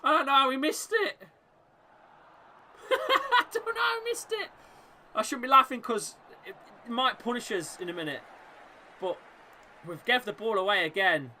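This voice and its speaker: A man hosting a live fan watchalong, commentating on the match and shouting encouragement at his team. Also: sits high, moderate pace, a little hiss or hum. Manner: chatty, reacting and laughing at misses. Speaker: football fan watchalong host.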